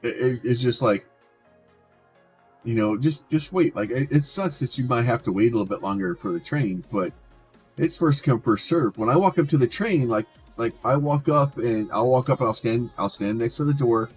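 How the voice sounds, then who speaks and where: A man's voice: mid-range voice, normal speed, faint music behind. A man streaming a game, chatting casually and rambling, often restarting his words. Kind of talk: casual chat while gaming.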